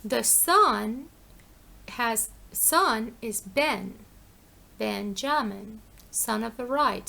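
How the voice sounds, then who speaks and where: Woman preaching an informal sermon in a high, gravelly voice. She talks in an emphatic, conversational way, posing questions and answering them herself, and repeats her phrases for weight. Her delivery is slow and deliberate, with a bright edge. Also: animated.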